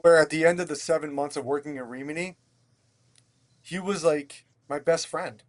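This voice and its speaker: A restaurant owner from Pennsylvania talks through his story as a podcast guest. His voice sits a little high for a man. He is animated and blunt, swears casually, and trips over and repeats his words as he goes. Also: moderate pace. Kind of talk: candid conversational storytelling.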